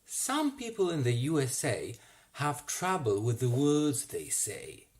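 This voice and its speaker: Slow, theatrical storyteller. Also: medium pitch, huge pitch swings, darkish tone. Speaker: theatre actor. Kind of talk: storybook reading in verse. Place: home, self-recorded.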